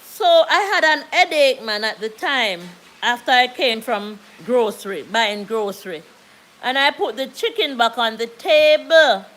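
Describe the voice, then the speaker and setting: A Jamaican woman hosting a live stream, telling a long story in a high voice. She speaks slowly and without hurry, repeating phrases to drive a point home. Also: lively intonation, a bit bright, low-quality recording. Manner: unhurried, repeats phrases for emphasis.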